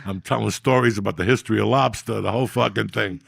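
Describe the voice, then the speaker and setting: A man hosting a podcast, telling a long profane story in a loud, animated street manner. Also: lowish voice, quick pace, gravelly, slightly rough. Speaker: podcast host. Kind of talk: casual storytelling.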